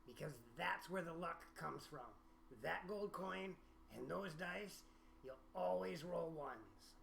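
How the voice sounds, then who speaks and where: Coaxing guy at a game table, bright edgy tone, super creaky. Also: a little high, takes it slowly, a little hiss or hum. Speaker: player. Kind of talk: playing a tabletop game in character.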